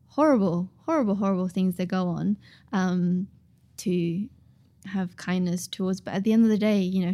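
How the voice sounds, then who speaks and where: Mellow-voiced woman talking earnestly. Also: lowish voice. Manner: thoughtful, earnest, many ums and restarts. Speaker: author and guest. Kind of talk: casual podcast conversation.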